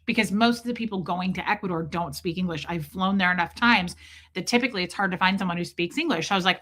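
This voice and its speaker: Bright, animated woman from Nebraska. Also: lowish voice, fast. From Omaha, Nebraska, USA. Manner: animated, self-deprecating. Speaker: streamer. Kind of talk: casual storytelling on a live stream.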